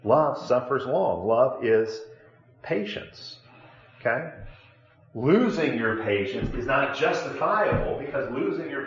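A man's voice: mid-range voice, fairly bright tone, echoey room, muffled recording. A man teaching a Bible lesson to a class, talking conversationally and asking his students questions.

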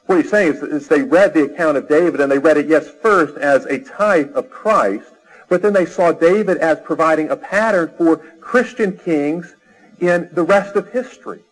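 A man's voice: a little high, moderate pace, poor audio. A man giving a theology lecture, explaining ideas and reading long quoted passages aloud, often restarting his phrases.

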